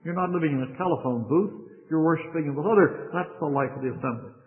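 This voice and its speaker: A man's voice: fairly high pitch, fast talker. Man preaching over a tinny line. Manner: conversational storytelling preacher. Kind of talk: sermon. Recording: tinny phone-like sound in a reverberant hall.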